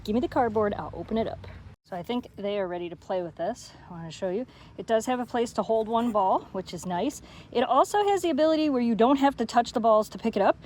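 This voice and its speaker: A high-pitched woman whose voice swings wildly up and down as she hosts a casual review vlog. She cheers her dogs on with excitement while playing fetch outdoors. Clear background noise runs under the recording. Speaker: product reviewer and dog owner.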